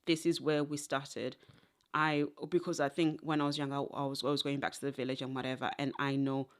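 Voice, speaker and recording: A woman's voice: extremely low pitch, little pitch movement, fairly quick, smooth. A young adult woman from Zimbabwe, a podcast guest, chatting casually and wandering through stories with frequent laughter. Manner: tangential storytelling, laughs often. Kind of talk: casual interview chat.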